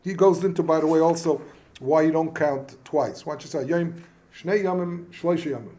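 A man's voice: on the high side, moderate pace, warm tone. A man teaching an informal Talmud class who halts, repeats words and keeps asking rhetorical questions. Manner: mixes Yiddish-Hebrew study terms into speech.

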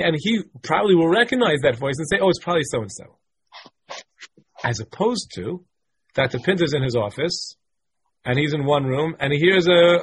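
Husky man teaching a Talmud class. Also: fairly high pitch. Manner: explains step by step, repeats phrases, reads Hebrew and Aramaic text and translates. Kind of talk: text-based Talmud class.

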